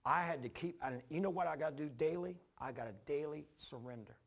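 An older man preaching a sermon, telling his own story in a folksy, repetitive way with sudden loud bursts. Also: a little high, fairly quick, gravelly. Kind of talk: sermon with personal testimony.

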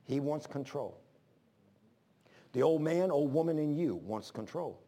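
A man preacher telling a sermon story, emphatic and swinging between loud and hushed. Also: on the high side, animated, a little slow.

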